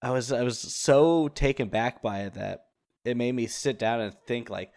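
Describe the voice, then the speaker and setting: A man's voice: medium pitch, normal speed. A man hosting a casual film podcast, talking in a rambling way with many fillers and restarts. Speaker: podcast host.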